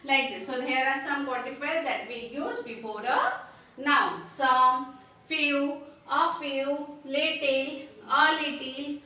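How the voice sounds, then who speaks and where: A woman teaching grammar, repeating words and examples slowly and mixing in Hindi. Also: high-pitched, sharp tone, recorded from a distance. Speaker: English teacher. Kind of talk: grammar lesson. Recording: echoey room from afar.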